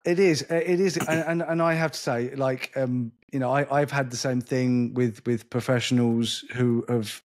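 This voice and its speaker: A man's voice: medium pitch, steady tone, moderate pace, hardly any pauses, no room sound. A man with a mid-range voice hosts a casual interview, recorded dry with almost no room sound. He speaks eagerly, tripping over repeated words as he restarts his thoughts. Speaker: podcast host.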